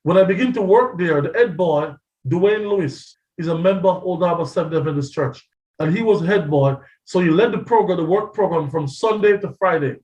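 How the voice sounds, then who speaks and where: A man's voice: high-pitched, fairly quick, darkish tone. A man preaching a testimony sermon as a pastor, telling his story dramatically and acting out the voices he quotes. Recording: echoey, from a distance.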